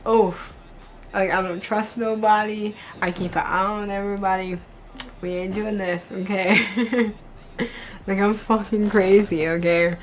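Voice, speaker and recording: A woman's voice: medium pitch, slight background noise. A young woman vlogging to camera, telling work stories bluntly, with heavy swearing and constant "like". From United States. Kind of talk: casual storytelling to camera.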